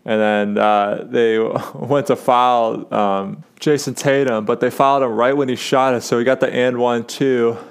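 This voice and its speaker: A man's voice: mid-range voice, fairly even intonation, a little slow, vocal fry, few pauses, clean tone. A young man hosting a casual sports talk show, rambling with lots of fillers and restarts as he gives his takes. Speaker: sports podcast host.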